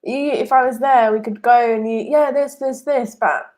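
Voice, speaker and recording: A woman's voice: on the high side, steady tone, normal speed, darkish tone. A woman co-hosting a casual podcast chat, telling candid stories and acting out her own reactions. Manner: candid, storytelling with quoted reactions. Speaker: podcast co-host.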